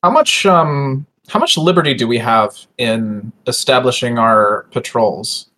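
A man's voice: mid-range voice, animated, a little slow, pushed and bright. A man playing a tabletop role-playing game, chatting casually and joking at his own expense. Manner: joking, self-deprecating. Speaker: player. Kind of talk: casual chat.

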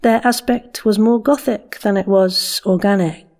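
A woman reading dark fantasy narration in a measured, steady way. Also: mid-range voice.

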